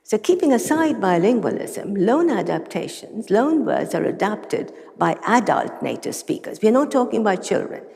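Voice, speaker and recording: A woman's voice: mid-range voice, very animated, moderate pace, vocal fry, few pauses, a little mellow. A woman giving an academic lecture with dry humor and casual asides in a large lecture hall. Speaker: conference lecturer. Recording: long reverb of a lecture hall.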